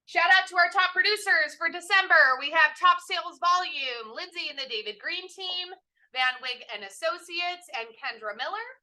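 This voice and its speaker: A woman's voice: very high-pitched, expressive, normal speed, bright, forceful tone, echoey room, rough recording. A woman hosting an office team meeting, enthusiastic and encouraging, full of praise for her colleagues. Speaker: host of a real estate team meeting.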